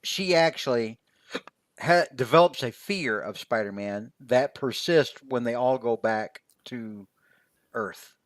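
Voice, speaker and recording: Mid-pitched man rambling through a comic recap. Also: slow pace, dry recording. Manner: rambling, joking, many fillers. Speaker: podcast co-host. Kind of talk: casual comic book recap.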